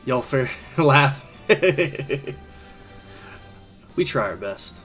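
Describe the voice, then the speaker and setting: A man's voice: medium pitch, lively intonation, extremely slow, a bit bright, faint music behind. A man streaming a game, rambling in casual commentary and laughing often.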